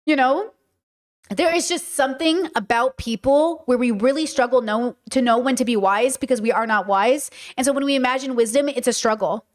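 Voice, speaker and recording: Woman podcast host, pretty high voice, casual frank talk, keeps asking "okay?". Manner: chatty, frank, checks in with listeners. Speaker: podcast host answering chat.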